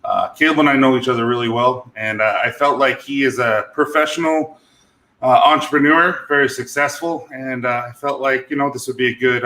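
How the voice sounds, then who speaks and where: Bright, upbeat male host in echoey room. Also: mid-range voice. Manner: upbeat, joking, greets viewers by name. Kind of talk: casual livestream chat.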